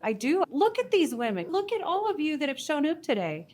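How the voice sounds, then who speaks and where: Lively woman panelist acting out voices. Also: high-pitched, fairly quick, a little hiss or hum. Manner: animated, self-mocking, acts out inner voices. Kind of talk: live panel talk. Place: community event hall.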